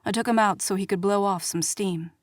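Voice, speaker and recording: A woman's voice: medium pitch, a little fast, no echo, studio quality, lightly acted. A woman reading the part of a charming, cocky young prince, easygoing and playful, in an audiobook.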